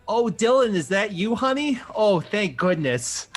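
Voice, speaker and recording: A woman's voice: medium pitch, sing-song, unhurried, soft background music, pitched above the performer's own voice. Man putting on a sing-song Minnesotan mom. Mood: doting. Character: doting chatty middle-aged mom.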